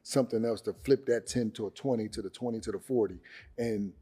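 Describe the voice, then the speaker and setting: A man who owns an embroidery business, talking about his business as a podcast guest in a relaxed, storytelling way. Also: on the low side, a little fast, husky. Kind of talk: casual podcast conversation.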